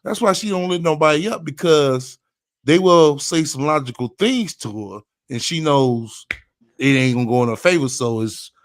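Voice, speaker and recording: A man's voice: fairly high pitch, animated, moderate pace. A man hosting a casual chat, agreeing often and explaining in a loose, slangy way. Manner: casual, agreeable, says "you know what I'm saying". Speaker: host.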